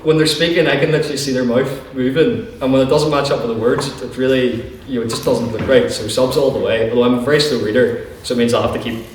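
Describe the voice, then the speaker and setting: A young adult man chairs a student debating society, taking questions and making self-deprecating puns. His medium-pitched voice is fast with fairly even intonation. It's recorded from afar in a large lecture hall with an audience, echoey and noisy.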